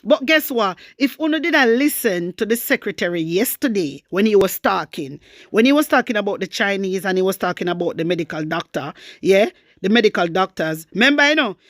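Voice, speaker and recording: A woman with a Jamaican accent giving scornful, animated political commentary, mixing patois with English. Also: mid-range voice, fairly quick, no echo, studio quality. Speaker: commentary vlogger.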